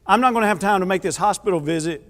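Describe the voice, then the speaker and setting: A man preaching a sermon in a church, telling lively personal stories and acting out quoted voices, then turning earnest. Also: sits high, very fast. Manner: animated storyteller, acts out quoted voices, drops quiet and earnest later. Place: church auditorium. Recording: echoey church hall.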